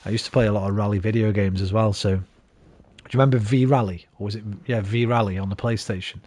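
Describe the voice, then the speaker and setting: A man's voice: on the low side, steady tone, quick pace, a little mellow. A British man in his thirties, casually chatting and swearing freely as he streams a football game and rants at his team. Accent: British English. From Britain. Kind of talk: casual gaming commentary. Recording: noisy background.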